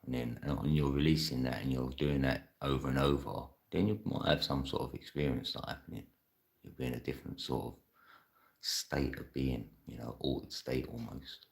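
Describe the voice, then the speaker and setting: Male live-stream host, extremely low and gravelly voice, loose rambling chat with frequent laughs. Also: steady tone, normal speed. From London. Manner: reads and answers viewer chat. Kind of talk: casual live-chat monologue.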